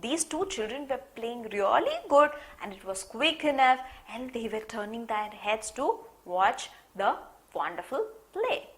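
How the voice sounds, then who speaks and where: Slow, lively woman teaching phonics. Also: a little high. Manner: slow, lively storytelling with sound demonstrations.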